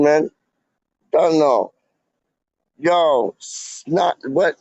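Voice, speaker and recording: A man rambling through a casual livestream, his voice slightly high and full of gravel and fry. He drawls slowly, piling on slang and "like". The audio is dull and lo-fi. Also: no echo. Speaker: fan vlogger reading live chat.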